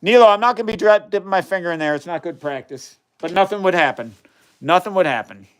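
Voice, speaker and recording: Chatting casually on a livestream while running chemistry experiments, a man in his fifties eagerly takes viewers' questions. He's a fast talker whose high-pitched voice is smooth and a bit bright.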